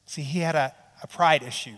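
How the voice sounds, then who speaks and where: In a large church hall full of listeners, a pastor with a fairly high, fairly bright voice preaches a little quickly. His delivery is chatty and narrative, punctuated by "right?" and brief quotes he acts out.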